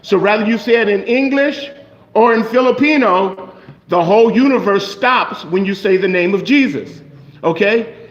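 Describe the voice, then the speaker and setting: A man's voice: high-pitched, moderate pace, lo-fi sound. A man preaching a sermon in a conversational way, checking in with the congregation with frequent "okay?". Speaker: pastor.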